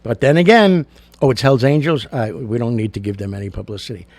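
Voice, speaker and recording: The older man hosting this show keeps things casual, trading jokes and blunt takes with many fillers along the way. His voice is gravelly, medium in pitch and darkish in tone, moving a little fast with no echo.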